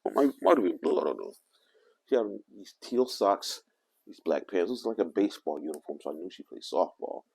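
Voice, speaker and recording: An older man telling a rambling, animated story to the camera. He often corrects himself as he talks. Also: deep voice, a little fast, creaky, slightly rough. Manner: animated, meandering, self-correcting. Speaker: vlogger.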